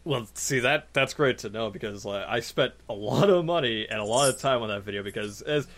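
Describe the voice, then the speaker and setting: A man, a video reviewer, telling a story in casual podcast chat, animated and laughing often. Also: mid-range voice, fairly quick.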